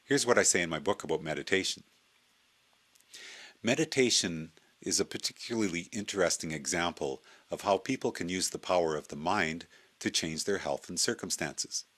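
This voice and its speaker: A middle-aged man talking casually in a video blog with many hesitant fillers, then reading aloud from his own book in a steady way. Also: deep voice, normal speed. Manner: hesitant with frequent uh fillers and restarts. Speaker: video blogger.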